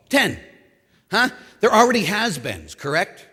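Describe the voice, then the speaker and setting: A man delivers a sermon with a bright, fairly high voice that rises and falls a lot. He acts out the voices of others and shouts now and then. His words ring with a long reverb of a large hall. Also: moderate pace, creaky, breathy edge. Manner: animated, acts out quotes, shouts at times. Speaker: priest and former coach.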